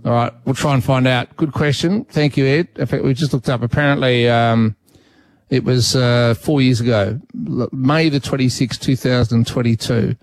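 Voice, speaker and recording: A man's voice: mid-range voice, fairly even intonation, normal speed, dry recording. An Australian man hosting a talkback radio show, chatting casually with callers and thinking aloud with frequent restarts. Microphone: studio mic.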